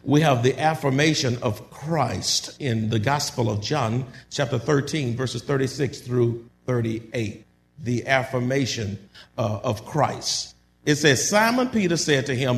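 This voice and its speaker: A man preaching a sermon, reading scripture slowly and then breaking into loud, emphatic commentary. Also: medium pitch, animated, slight background noise. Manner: builds from measured reading to loud emphatic bursts.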